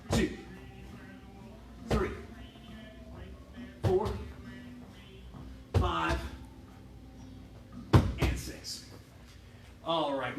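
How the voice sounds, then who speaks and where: A man with a high voice leads a kickboxing workout class, counting out reps and joking with his students. He sounds upbeat and chatty. His voice rings through an echoey gym while faint music plays in the background. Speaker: kickboxing instructor. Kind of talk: livestreamed workout class instruction. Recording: echoey room with music behind.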